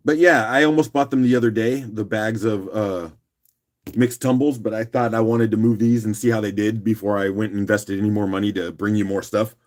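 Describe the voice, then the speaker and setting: A man with a rough morning voice, hosting a live rock auction stream in a relaxed, chatty way and clearing his throat now and then. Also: fairly low pitch, a little fast. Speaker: livestream auction host. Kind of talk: casual live auction chat.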